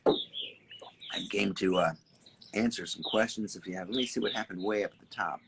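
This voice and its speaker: Low-voiced man live-streaming among loud birdsong. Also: moderate pace, noisy background. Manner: animated and repetitive, swearing, greeting viewers by name. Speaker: artist and creative coach hosting a live stream. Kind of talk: casual live-stream chat reading viewer comments. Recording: birds chirping clearly in the background.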